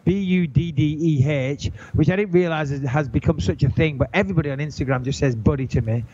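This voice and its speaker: A man co-hosting a podcast, telling an animated, indignant story in casual chat. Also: on the high side, fast, slight background noise. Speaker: podcast co-host. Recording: dull lo-fi podcast audio.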